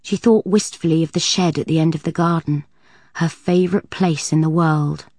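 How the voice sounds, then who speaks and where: A woman narrating a children's storybook aloud in an even, clear manner. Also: deep voice, normal speed, no room sound. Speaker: audiobook narrator. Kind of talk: storybook reading.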